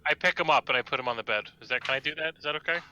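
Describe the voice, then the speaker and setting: A man's voice: mid-range voice, racing, bright, forceful tone, dull audio, a little hiss or hum. A brash man playing a tabletop game, swearing freely and talking casually. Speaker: player.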